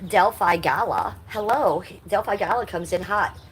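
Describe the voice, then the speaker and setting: A woman's voice: mid-range voice, normal speed, a little hiss or hum. A woman in her fifties hosting a casual livestream, reading chat aloud and cursing at rude commenters. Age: 50s. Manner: blunt, swears at rude chatters; sing-song baby talk to her cat. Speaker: livestream host.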